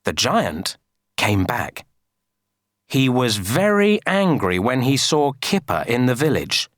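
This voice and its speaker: A woman reading a children's story aloud for an English lesson, slow and sing-song. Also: a bass voice, very animated, dry recording, clean studio sound.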